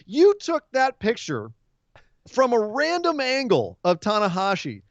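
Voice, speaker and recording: Man from California, quick-witted podcast co-host, slightly high voice, dry, muffled sound. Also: huge pitch swings, dry recording. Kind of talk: casual chat. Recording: dull lo-fi sound.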